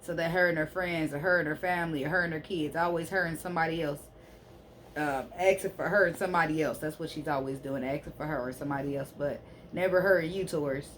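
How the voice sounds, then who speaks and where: A woman's voice: low-pitched, steady tone, fast, fairly bright tone, a little hiss or hum. A woman giving a casual tarot reading to camera, emphatic and blunt, and she keeps checking in with "okay?". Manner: blunt, sassy straight talk. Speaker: spiritual card reader.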